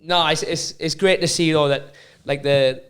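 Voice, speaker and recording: A man hosting a casual interview, talking quickly, swearing and laughing often. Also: a little high, steady tone, fairly bright tone, clear, resonant tone. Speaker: host, fighter.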